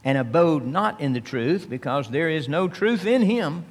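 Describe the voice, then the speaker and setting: A man preaching from the Bible, reading verses slowly and then explaining them in plain speech. He rises for emphasis and drops low and soft. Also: animated, in a large hall. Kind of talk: expository Bible teaching.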